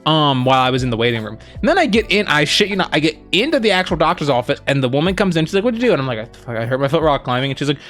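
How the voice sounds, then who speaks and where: A man casually telling a long story on a stream, rambling with lots of fillers and quoting the people he met, animated as he retells it. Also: on the high side, very fast, hardly any pauses, faint music behind. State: injured foot, on crutches. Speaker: streamer co-host.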